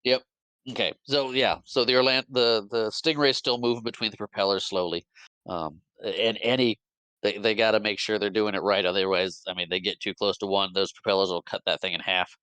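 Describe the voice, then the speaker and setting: A man on a podcast giving an animated, casual recap of a movie plot, jumping into quick character voices between fillers and restarts. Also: lowish voice, clean tone, dry recording. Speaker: podcast co-host.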